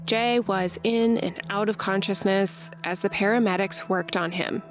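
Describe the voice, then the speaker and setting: A woman hosting a podcast, narrating the story in a measured, scripted way. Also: mid-range voice, fairly even intonation, music in the background.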